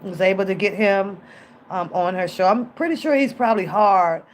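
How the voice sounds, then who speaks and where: A woman's voice: medium pitch, moderate pace, slight background noise. A woman streamer telling a story in casual chat, acting out the people in it and laughing often. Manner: animated, acts out voices in quotes, laughs often. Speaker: reaction streamer.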